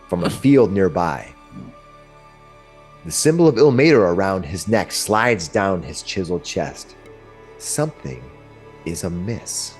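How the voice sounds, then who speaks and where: A man narrating a tabletop game as game master, telling the scene with animated, laughing energy. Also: low-pitched.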